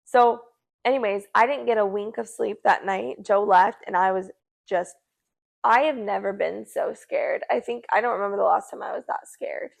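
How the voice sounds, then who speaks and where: A woman's voice: mid-range voice, normal speed, gravelly. A young woman co-hosting a podcast, telling a story casually and acting out the people in it. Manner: animated, acts out quoted voices. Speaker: podcast co-host.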